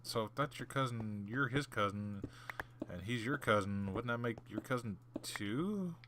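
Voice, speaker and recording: A man's voice: mid-range voice, animated, measured pace, background noise. A man hosting a gaming channel, telling a long story in a rambling way with many fillers and restarts, and muttering the odd whispered aside. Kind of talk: casual storytelling over gameplay.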